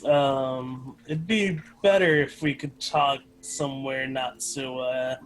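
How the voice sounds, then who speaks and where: A man playing a tabletop game, talking in a hesitant, halting way. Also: mid-range voice, fairly even intonation, rough recording. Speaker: player. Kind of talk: casual tabletop play.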